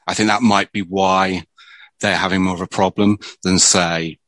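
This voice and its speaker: Brief: deep-voiced screenwriter, chatty storyteller, dry close sound. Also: male voice, level tone, moderate pace, a bit bright, no echo, low-quality recording. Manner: chatty storyteller, many restarts. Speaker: screenwriter guest. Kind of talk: casual conversation.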